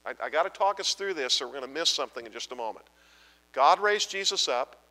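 A man's voice: mid-range voice, animated, rapid-fire, pushed and bright, big-room sound, rough recording. A man preaching a Bible-teaching sermon, emphatic and asking the congregation repeated questions.

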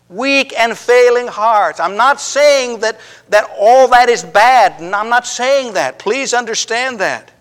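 A man preaching a sermon in an earnest, emphatic way, often repeating and restarting phrases and dropping to a low hush for effect. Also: long reverb tail.

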